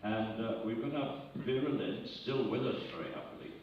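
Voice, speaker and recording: A man's voice: medium pitch, moderate pace, a little hiss or hum. An older man telling chatty, self-mocking anecdotes on a stage, chuckling between stories. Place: arts centre stage before an audience. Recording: echoey, distant, dull hall recording.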